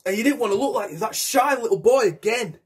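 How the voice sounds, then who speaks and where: Young guy doing a stage monologue, intense and raw, high voice and a bit husky. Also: lively intonation, fairly quick. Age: young adult. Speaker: actor. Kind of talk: solo theatre monologue.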